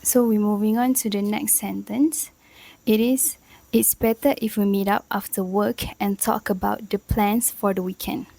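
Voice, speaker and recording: A young woman from Malaysia presents a class project, reading her explanations from prepared notes in a steady, mid-pitched voice. The recording is close and dry, with no room sound around her. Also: moderate pace, gravelly, no room sound, rough recording. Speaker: student presenter.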